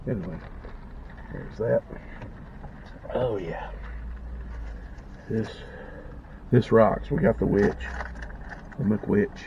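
Very animated yet slow, this food vlogger has a lowish voice with vocal fry and long pauses as he eats and talks with his mouth full, savoring each bite. The dull lo-fi audio has a little hiss or hum.

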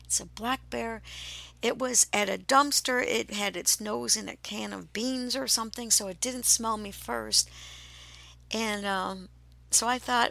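A woman hosts a podcast and tells a personal spiritual story. Her voice is gravelly yet bright, and she speaks slowly and softly, often slipping into a breathy whisper. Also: a little high. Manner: slow, hushed, often drops to a breathy whisper. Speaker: podcast host.

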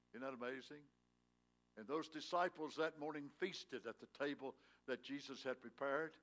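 Folksy preaching man, fairly high voice. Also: fairly bright tone. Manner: folksy storytelling preaching, rises with emphasis. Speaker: pastor. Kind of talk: sermon. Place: church sanctuary.

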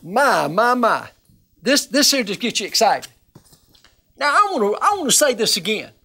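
A woman minister teaching the Bible on a television broadcast, earnest and emphatic, repeating words as she gets excited. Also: a little high, normal speed, husky.

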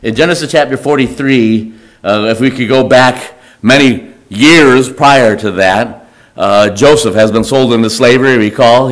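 A man as pastor, preaching a conversational sermon in a church, often restarting and halting over his words. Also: medium pitch. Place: church sanctuary.

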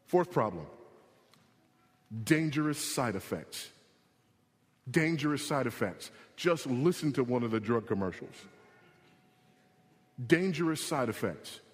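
A man preaching a sermon as pastor, emphatic, repeating his key points and rising in pitch when he presses them. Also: expressive, measured pace, long pauses. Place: church sanctuary. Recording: long hall reverb.

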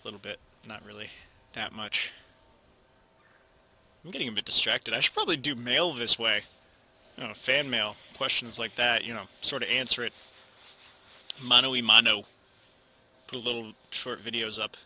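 A man's voice: medium pitch, moderate pace, pauses often, bright, forceful tone. A young man, a YouTube channel host, talking casually to camera in a home recording, rambling and mumbling at times, with many false starts and retakes. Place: indoors at home, in front of a camera.

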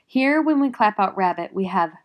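In an animated, mid-range voice at ordinary speed, a woman teacher runs a phonics lesson for little children. She sounds out letters and syllables, prompting them with patience and gentleness.

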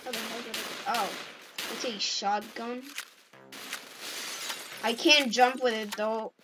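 A woman giving casual, excitable gameplay commentary and shouting at the game. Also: a little high, slow, music in the background, rough recording. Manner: excitable, yelps and shouts at the game, self-mocking. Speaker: gaming YouTuber.

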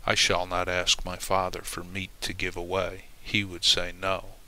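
A man voicing a kind-hearted ugly baby bear cub who talks quietly to himself in a storybook reading. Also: low voice, completely flat delivery, a little slow, full character voice, low-quality recording. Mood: earnest.

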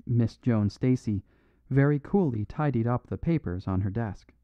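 A man reading a mystery audiobook in an even, measured way. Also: mid-range voice, smooth, dry recording. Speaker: audiobook narrator. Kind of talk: scripted audiobook narration. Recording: dry phone-like narrow sound.

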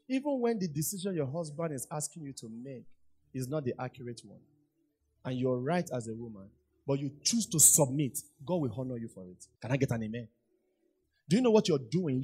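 A man's voice: on the high side, warm tone, slightly rough. A man preaching a sermon, repeating lines and asking the congregation questions. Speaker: pastor. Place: church hall.

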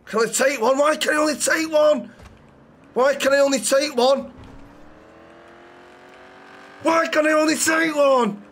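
A man streaming a role-play game, swearing constantly and rattling off quick thanks to viewers. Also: very high-pitched, fairly bright tone. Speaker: livestreamer. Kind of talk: live gameplay commentary and role-play.

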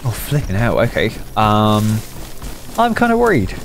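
Lively, jumpy gamer man. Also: lowish voice, creaky, background noise. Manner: excitable, nervous, quick reactions. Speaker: gaming channel host. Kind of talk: gameplay voice chat and narration.

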